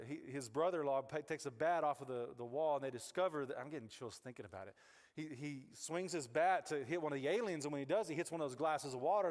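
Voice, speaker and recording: Male pastor, casual rambling sermon style, a little high in pitch, church hall reverb. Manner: conversational, rambling with restarts and asides. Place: church sanctuary. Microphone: wireless mic.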